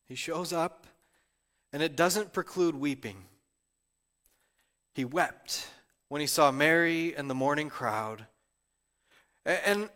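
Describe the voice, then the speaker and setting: A man's voice: on the high side, a bit bright, big-room sound. A male pastor gives an emotional, personal sermon. He is close to tears and often restarts his sentences. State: tearful, near crying.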